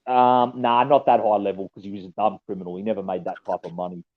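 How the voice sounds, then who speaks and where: Deep-voiced man, blunt slang. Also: fairly even intonation, quick pace. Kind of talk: casual chat. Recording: dull lo-fi sound.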